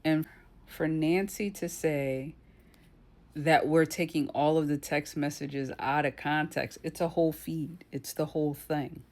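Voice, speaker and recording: A woman's voice: low voice, steady tone, measured pace, a little mellow. Blunt, indignant woman commentator. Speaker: true crime commentator. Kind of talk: casual commentary.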